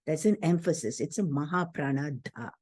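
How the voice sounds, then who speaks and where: A woman's voice: deep voice, lively intonation, normal speed, a little mellow, slightly rough, dry recording. A middle-aged woman, giving an earnest spiritual lesson on chanting and often checking in with her listeners. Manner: earnest, explanatory, checks in with "hmm?". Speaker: teacher.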